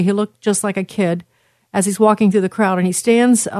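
A woman's voice: medium pitch, darkish tone, dry recording. Woman commentary host, emphatic, dry sound, restarts often. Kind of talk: political commentary.

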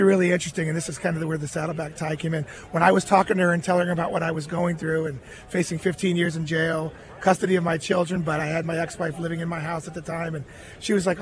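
A middle-aged man, a guest on a radio interview, earnestly telling a personal story and quoting other people in his own voice. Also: a little high. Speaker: guest, former baseball catcher.

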